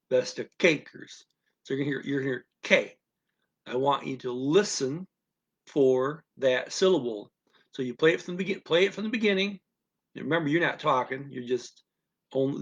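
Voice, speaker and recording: On a live stream, a male language teacher gives a listening lesson in a gravelly, slightly rough voice of medium pitch. He goes slowly and patiently, repeating his instructions and checking in with "okay?" again and again.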